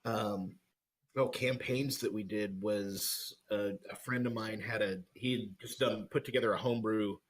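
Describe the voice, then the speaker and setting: A man's voice: on the low side, fairly even intonation, moderate pace, rough recording. A man, a player in a tabletop game, talking in a rambling way and restarting phrases over a video call. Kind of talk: casual chat after a tabletop game.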